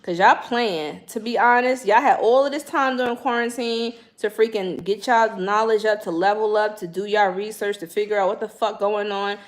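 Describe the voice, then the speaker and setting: A young woman, hosting a casual livestream and chatting in slangy, animated talk straight to her viewers. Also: mid-range voice, normal speed, hardly any pauses. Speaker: spiritual livestream host.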